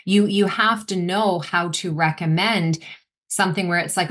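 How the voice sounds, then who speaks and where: A nutritionist in her forties appears as a guest on a casual podcast, her voice somewhat low but fairly bright in tone. She explains things energetically and frequently drops into quick acted-out quotes of her clients.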